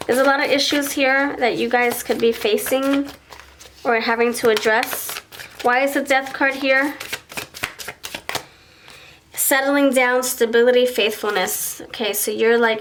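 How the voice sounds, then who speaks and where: A woman with a fairly high voice gives a pick-a-card tarot reading. She thinks aloud and restarts often as cards come up. A faint hiss sits behind her voice. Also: little pitch movement, unhurried, fairly bright tone. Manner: acts out imagined dialogue between partners. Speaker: tarot reader.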